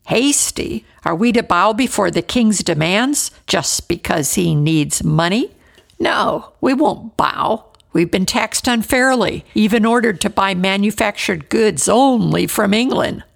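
A woman's voice: medium pitch, gravelly, heavily acted. A woman reading a defiant colonial merchant. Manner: indignant, emphatic complaints.

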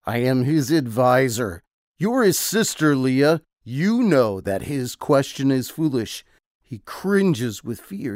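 A man's voice: mid-range voice, darkish tone, no room sound, clean studio sound. A man voicing a principled male royal advisor who speaks earnestly and disapprovingly, in an audio drama.

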